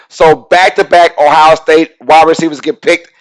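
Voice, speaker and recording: A man hosting a casual live-stream sports talk show, excitable and reading out chat comments as he goes. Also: fairly high pitch, moderate pace, hardly any pauses, rough recording.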